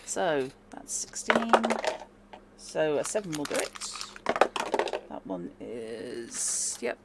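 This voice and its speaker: A woman's voice: a bass voice, big pitch swings, takes it slowly, gravelly, very noisy. A woman, playing a solo tabletop game and talking through her choices in a chatty, exclaiming way. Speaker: player.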